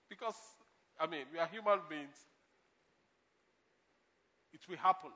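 A man preaching a sermon, animated, moving between loud emphasis and quiet asides and laughing at his own stories. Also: high voice, moderate pace, long pauses. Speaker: pastor.

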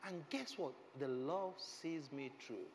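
A middle-aged man preaching a sermon with passion, swinging from soft reflective lines to loud exclamations. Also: a little high, slow, slight background noise. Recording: long hall reverb, faint ambience.

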